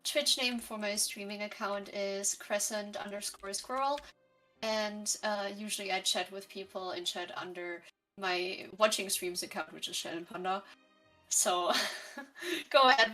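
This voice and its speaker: Female streamer co-host, bright, giggly, casual chat over faint music. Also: medium pitch. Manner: giggly, bubbly.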